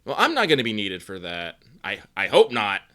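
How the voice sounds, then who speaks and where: A man chatting casually as a player at a tabletop game, excitable and stammering. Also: fairly low pitch, fairly quick.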